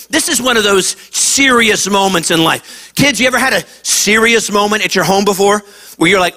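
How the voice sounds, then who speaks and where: A male pastor preaching a sermon to kids at a church campus, telling the story with animated delivery. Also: sits high, moderate pace. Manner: animated storytelling, acts out quotes.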